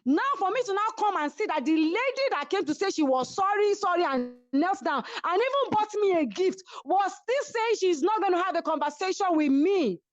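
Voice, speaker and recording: A woman with a Nigerian accent, telling a story with lively energy in an interview over a video call, acting out what others said. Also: very high-pitched, moderate pace, hardly any pauses, dry recording, dull audio. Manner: acts out other people's voices while retelling. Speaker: reality show cast member, guest.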